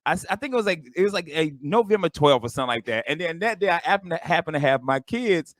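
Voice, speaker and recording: High-voiced, bouncy joking man. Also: expressive, fast talker, no echo, clean studio sound. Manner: rambling, loose and joking. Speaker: comedian co-host, a father. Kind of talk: casual comedic banter.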